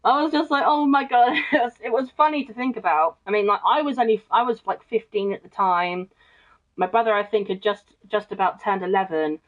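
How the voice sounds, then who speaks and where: A woman's voice: medium pitch, brisk. A young woman streamer telling a casual story, rambling with many fillers and frequent laughs. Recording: dull lo-fi mic.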